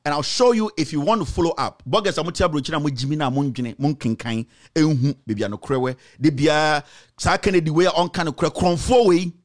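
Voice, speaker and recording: A man's voice: a little high, moderate pace. A man with a Ghanaian accent hosting an online show, giving impassioned political commentary in an emphatic, repetitive way and slipping into Twi phrases. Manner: emphatic, repeats himself, slips into Twi phrases. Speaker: online show host and journalist.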